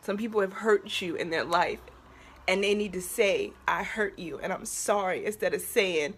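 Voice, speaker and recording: Husky, emotional woman vlogger. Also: mid-range voice, fairly bright tone. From Baltimore area, USA. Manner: emotional, halting, shifts between laughter and tears. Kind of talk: personal confessional vlog.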